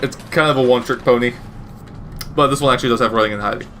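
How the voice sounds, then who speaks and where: A man's voice: medium pitch, racing, fairly bright tone, a little hiss or hum. A man giving casual, rambling gameplay commentary with wry asides and frequent self-corrections. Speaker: gaming commentator.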